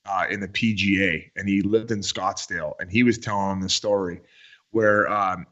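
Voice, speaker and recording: A man's voice: low voice, fairly even intonation, normal speed, fairly bright tone, dull audio. A man chatting casually on a podcast, hesitant and full of fillers. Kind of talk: casual chat.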